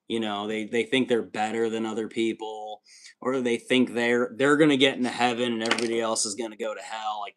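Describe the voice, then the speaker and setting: A man's voice: mid-range voice, fairly bright tone. A man hosting a livestream, chatting casually with viewers while building miniatures, rambling and swearing often. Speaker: livestream host.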